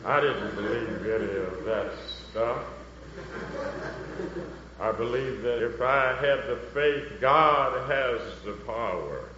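A man's voice: medium pitch, takes it slowly, bright, forceful tone, slight background noise. A man preaching a sermon with personal testimony, fervently building to emphatic cries. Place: church hall. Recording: dull, reverberant hall recording.

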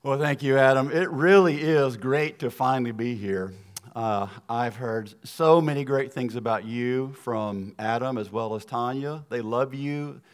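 A man's voice: mid-range voice, a little slow, clear, resonant tone. A middle-aged man from the American South with a Southern accent, giving a sermon as a guest speaker in a church, folksy and earnest, telling stories with asides to the congregation. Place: church sanctuary.

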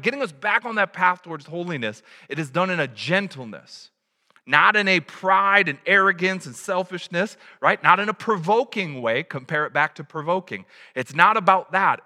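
A man preaching a sermon as pastor, animated, acting out little scenes from everyday life. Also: on the high side, in a large hall.

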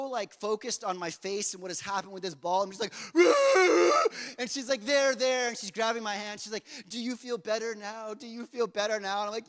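A man's voice: sits high, fairly bright tone. A man in his forties preaching a sermon, casual and self-deprecating, telling a personal story. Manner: conversational and self-deprecating, acting out the story with rising energy. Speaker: pastor. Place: church sanctuary. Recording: long hall reverb from a church sanctuary.

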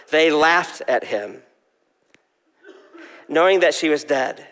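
A man's voice: fairly high pitch, animated, takes it slowly, pauses often, a bit bright, long reverb tail. A male pastor preaching a sermon in a conversational way, asking the congregation questions.

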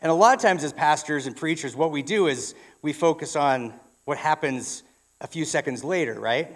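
A man's voice: a little high, normal speed. A man preaching a sermon in a church, telling a story in a conversational way with frequent restarts. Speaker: pastor.

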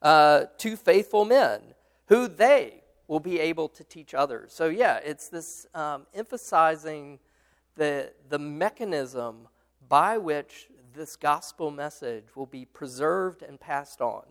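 A man's voice: fairly high pitch, animated, slow. A man leading a Bible study discussion, explaining a passage with many fillers and restarts and answering his students. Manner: explains patiently, responds to students.

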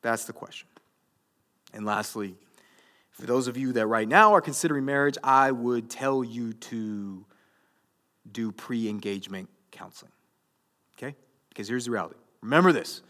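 A man voicing an emphatic, bright-voiced pastor. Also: medium pitch, moderate pace, pauses often. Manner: conversational, jokey, gets loud and emphatic. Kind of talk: sermon to a young adult group.

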